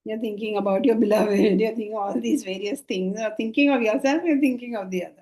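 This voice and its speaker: Husky, mellow-voiced woman teaching philosophy. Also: mid-range voice, a little fast, rough recording. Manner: lively, questioning the class. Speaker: Vedanta teacher. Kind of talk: spiritual lecture.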